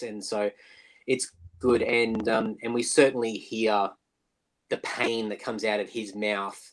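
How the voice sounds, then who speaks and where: A man's voice: on the low side, low-quality recording. A man, a band member, chatting casually in an interview over a video call, with many fillers and restarts. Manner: chatty, lots of fillers and restarts, mimics bandmate. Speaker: musician guest.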